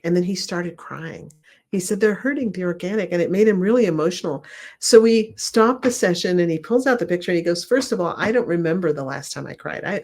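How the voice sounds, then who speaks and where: A middle-aged woman, a remote viewing instructor, telling stories in a casual interview with enthusiasm, softly acting out quotes. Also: fairly low pitch. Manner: enthusiastic, animated retelling with soft acted quotes.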